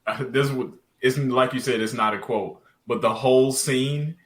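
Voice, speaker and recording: A man's voice: medium pitch, fairly even intonation, moderate pace. A man co-hosting a casual movie podcast who laughs hard as he talks. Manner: laughs hard while talking. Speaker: podcast co-host. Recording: roomy, faint noise.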